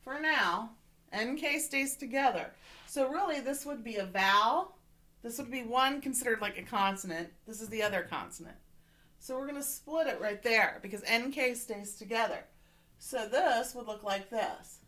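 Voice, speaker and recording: Woman teacher, slightly high voice, patient and encouraging, walking children through a reading lesson online. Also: normal speed, pushed and bright. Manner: encouraging, patient, repeats "okay?" to check in.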